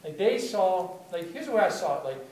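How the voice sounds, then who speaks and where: A man telling stories to a live audience in a chatty, animated way, full of fillers. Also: high voice, fairly quick, distant mic, slight background noise. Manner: animated, chatty, heavy use of "like". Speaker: storyteller at a spoken-word event. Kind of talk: live storytelling talk. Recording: very echoey room taped from afar.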